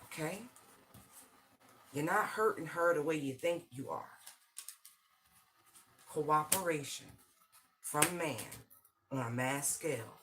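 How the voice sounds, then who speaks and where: Speaking slowly with long pauses, this tarot reader has a fairly bright, mid-range voice. The reading happens on a livestream, delivered intensely and with slang straight to the audience, mixing tarot with channeled messages.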